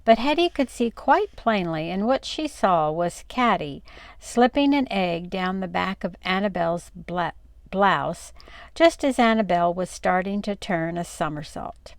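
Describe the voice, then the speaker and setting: An older woman reading a storybook aloud expressively, dropping low and soft on the narration tags. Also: animated, measured pace, no echo.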